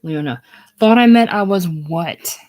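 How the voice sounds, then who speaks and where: Reader as a combative trailer-dwelling woman, loud, scornful, mocking, casual play reading. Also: mid-range voice, measured pace, lightly acted. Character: brash, combative middle-aged woman living in a trailer.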